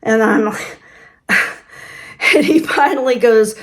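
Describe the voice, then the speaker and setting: A woman's voice: on the high side, slow, pauses often. An older woman from Kansas, telling stories in a casual vlog, chatty and laughing often as she acts out quoted voices. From Kansas, USA. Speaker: channel host. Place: farm home.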